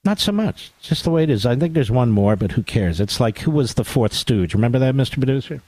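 Male radio host, middle pitch, biting and sarcastic, dry close-mic studio sound. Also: fast talker, dry recording. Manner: sarcastic, animated, asides to his producer. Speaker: radio talk show host. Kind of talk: opinionated political talk radio monologue.

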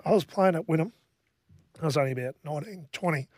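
Laid-back Australian man, higher voice. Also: darkish tone, dry recording, studio quality. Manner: laid-back, halting with many restarts. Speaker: former rugby league player, guest. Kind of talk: casual storytelling.

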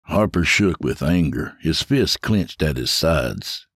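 A man reading a horror story aloud with measured, deliberate pacing. His voice is very deep, and the recording is close and completely dry. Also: animated, fairly bright tone, slightly rough, dry recording. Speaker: narrator. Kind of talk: scripted horror narration.

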